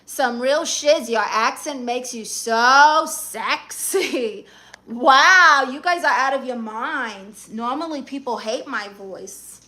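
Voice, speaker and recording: A man's voice: very high-pitched, slow, full character voice. A man playing a sassy, flirty middle-aged aunt with a Spanish accent, hosting a live-stream comedy chat in a brassy, teasing, dramatic way. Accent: Spanish-accented English. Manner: brassy, teasing, dramatic, greets fans warmly. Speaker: livestream host.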